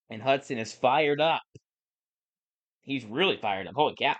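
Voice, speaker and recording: A man's voice: mid-range voice, measured pace, pauses often, a little hiss or hum, poor audio. Chatty man calling his own ball game. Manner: chatty, self-correcting, excitable on big plays. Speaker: gaming YouTuber. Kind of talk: casual play-by-play while gaming.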